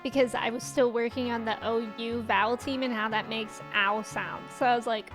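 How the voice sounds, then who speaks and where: Speaking at a normal speed in a voice on the high side, this young Midwestern American woman giggles and rambles through casual chat with her viewers. She's livestreaming a game, and game music plays in the background.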